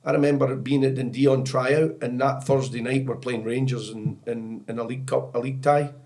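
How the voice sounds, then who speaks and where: A man's voice: medium pitch, steady tone, a little fast, darkish tone. A middle-aged Scottish man, a guest on a soccer podcast, telling anecdotes in a rambling way with lots of "you know" and restarts, often breaking into laughter. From Scotland. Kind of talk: storytelling podcast interview.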